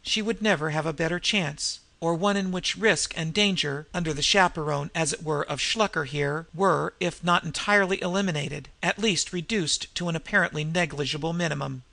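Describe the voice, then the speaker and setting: A man narrating a novel in a measured, even storytelling manner. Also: on the high side, vocal fry, no room sound. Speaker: audiobook narrator. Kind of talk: scripted narration.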